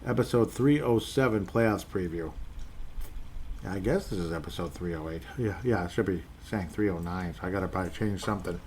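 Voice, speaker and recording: A man in his forties hosts a solo sports podcast in a low, dark-toned voice, speaking briskly over faint background noise. Chatty and rambling, he reads listener messages and often corrects himself mid-sentence.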